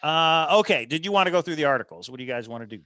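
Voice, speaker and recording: A man's voice: on the high side, lively intonation, rapid-fire, sharp tone, dry recording. Easygoing male host reading chat. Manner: easygoing, laughs often, reads chat comments. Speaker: host of a treasure hunt show. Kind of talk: casual live-stream chat.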